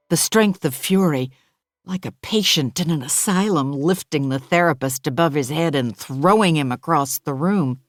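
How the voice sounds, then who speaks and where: A woman narrating a novel in the first person in a measured, expressive way. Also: deep voice, no echo, studio quality. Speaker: audiobook narrator.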